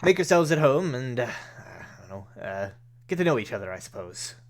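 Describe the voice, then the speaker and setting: A man doing a formal, consoling noble gentleman. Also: mid-range voice, big pitch swings. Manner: formal, measured, slow speech. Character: courteous, consoling male noble benefactor.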